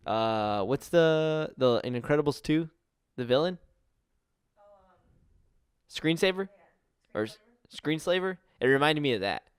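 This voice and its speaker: A man in his twenties co-hosting a podcast in casual chat, excitable and swearing. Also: on the high side, unhurried, long pauses, clean tone, dry recording, studio quality. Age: 20s. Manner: excitable, laughs often, swears. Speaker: podcast co-host.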